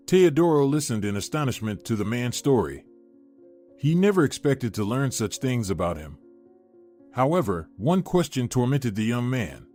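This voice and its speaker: A man reading a scripted story in an even, steady storytelling manner. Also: mid-range voice, moderate pace. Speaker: narrator. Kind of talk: scripted narration. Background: faint music.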